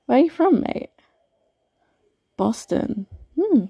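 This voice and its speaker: Gravelly flirty barmaid played by a woman, teasing, slow-talking, dark dry voice, audio role-play. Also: high voice, very animated, no room sound, exaggerated voice. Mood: flirty, chatty.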